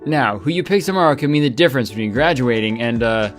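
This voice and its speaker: Role: a man reading a theatrical high school teacher, dramatic, with faint game music behind. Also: quick pace, natural voice.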